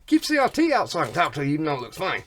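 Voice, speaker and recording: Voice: mid-range voice, wildly swooping pitch, rapid-fire, a bit bright. A vlogger in a rambling monologue who repeats words, breaks into rhyming wordplay and folksy slang, and sounds snotty with a cough.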